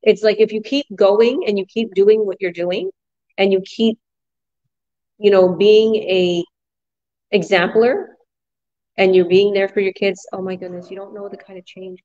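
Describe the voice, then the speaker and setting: A woman and mother, a business coach hosting a casual group chat, who tells stories with lively energy and acts out her kids' voices. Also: mid-range voice, dry recording, lo-fi sound. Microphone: video call.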